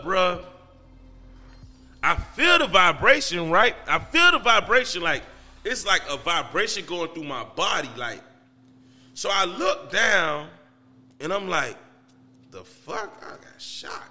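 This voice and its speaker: A man's voice: sits high, big pitch swings, slow, pauses often, bright, forceful tone, big-room sound. A man telling a story as a podcast guest in loose, profane street talk. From Miami, Florida. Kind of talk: casual storytelling.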